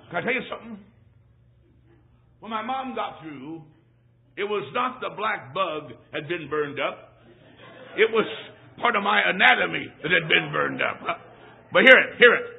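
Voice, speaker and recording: A man's voice: high-pitched, big pitch swings, moderate pace, creaky, long pauses. A man preaching a sermon as a traveling evangelist, telling a funny boyhood story in a folksy, emphatic way with punchy repetition. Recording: thin phone-like sound.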